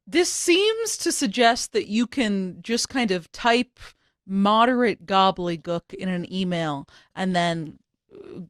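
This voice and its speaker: A woman's voice: mid-range voice, sing-song, slow, dry recording, clean studio sound. A young woman co-hosting a casual tech podcast, making playful, teasing remarks. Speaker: podcast co-host.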